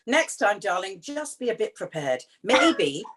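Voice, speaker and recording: A woman co-host, chatting in a teasing, animated way. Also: mid-range voice, measured pace, noisy background. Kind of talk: casual chat.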